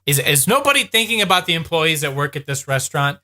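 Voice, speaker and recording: A man's voice: a little high, very animated, fast, loud music behind the voice. A man giving sarcastic, exasperated comedic reaction commentary as a YouTube host. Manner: sarcastic, exasperated, laughing at what he watches.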